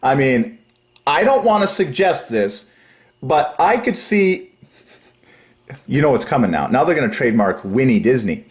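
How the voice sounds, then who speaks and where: A man hosting a religious channel, rambling through a numerology monologue, excitable and giggly, then dropping to low quiet mumbling while he counts. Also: moderate pace, long pauses. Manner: giggly, excitable, breaks into high laughs. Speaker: religious YouTube channel host.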